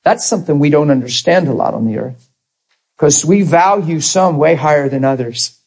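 A man preaching a sermon in a conversational, animated way, acting out the people he quotes. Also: a little high, normal speed, husky, rough recording.

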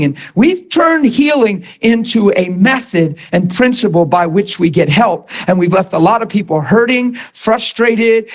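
A man preaching a sermon, teaching steadily and then building to impassioned, shouted declarations. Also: high-pitched. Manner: impassioned, rising to shouts when quoting himself.

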